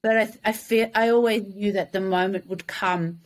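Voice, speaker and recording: A woman, a psychic medium, calmly explaining during an interview. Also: medium pitch, normal speed, a little hiss or hum. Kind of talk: casual conversation.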